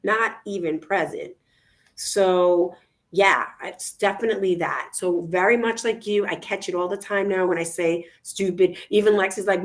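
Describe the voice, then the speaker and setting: A woman co-hosting a casual talk show in a mid-pitched voice. She talks energetically and directly to her listeners, encouraging them. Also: moderate pace. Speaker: co-host. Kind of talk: casual chat.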